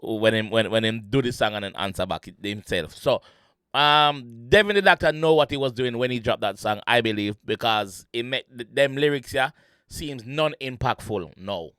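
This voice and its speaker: A man with a Jamaican accent hosting a reaction video, chatting excitedly in patois and restating lyrics with many restarts. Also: medium pitch, normal speed, clear, resonant tone, no echo, clean studio sound. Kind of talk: casual commentary.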